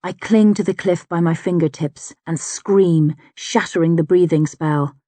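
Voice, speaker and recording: A woman narrating a fantasy audiobook in the first person, with a measured, dramatic delivery. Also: fairly low pitch, dark tone, no echo.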